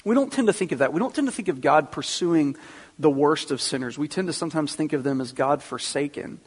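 A man's voice: on the high side, brisk, breathy edge. A man preaching a sermon, teaching earnestly and speaking directly to the congregation. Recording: long reverb of a hall.

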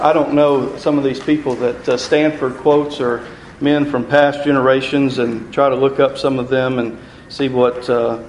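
A man's voice: medium pitch, a little mellow. Earnest man teaching in an echoey room. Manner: earnest, repeats key phrases, slows on scripture. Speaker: Bible study teacher. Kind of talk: teaching a Bible study. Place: room with a group, reading from a computer. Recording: echoey room, faint ambient noise.

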